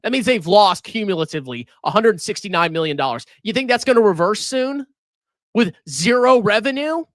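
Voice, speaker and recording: A man's voice: sits high, expressive, brisk, fairly bright tone, dry recording, studio quality. A man ranting sarcastically as he reviews a stock on a personal finance live stream, insulting the buyers.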